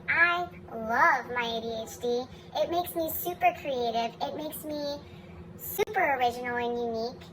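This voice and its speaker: A woman's voice: high voice, normal speed, bright, forceful tone, slight background noise, rough recording. A young woman talking candidly in a personal vlog, blunt and profane with a self-mocking streak. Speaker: vlogger.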